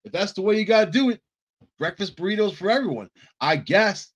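A man's voice: high voice, animated, a little fast, slightly rough. A man delivering a heated, sarcastic political commentary monologue, often restarting his phrases.

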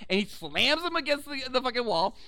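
A young man co-hosting a podcast, excitable and profane, who eagerly retells movie scenes. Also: very high voice, fairly quick, clear, resonant tone, dry recording. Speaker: podcast co-host. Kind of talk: casual chat.

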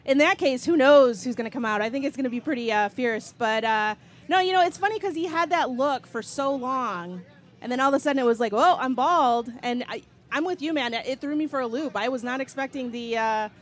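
A woman's voice: sits high, fairly quick. A woman who covers soccer, a guest on a live pregame show at a stadium. She answers in a thoughtful, hedging way. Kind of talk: casual chat. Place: outdoors at a stadium.

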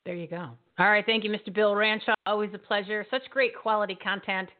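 A woman's voice: mid-range voice, fairly even intonation, fast talker. Enthusiastic woman host, tinny sound. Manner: enthusiastic, hypes guests, laughs often. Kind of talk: live show hosting. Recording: tinny phone-like line.

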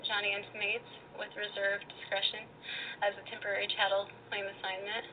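A woman calling in to a radio show, reading her own story aloud in an expressive, teasing way. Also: medium pitch, a little fast. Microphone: phone. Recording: tinny phone line, faint noise.

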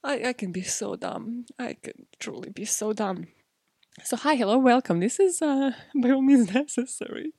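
Animated and a bit rough-edged, a woman with a darkish voice on the high side hosts a laid-back true-crime podcast at normal speed. She's chatty and self-deprecating, laughs a lot, swears without restraint, and the sound is dry and close.

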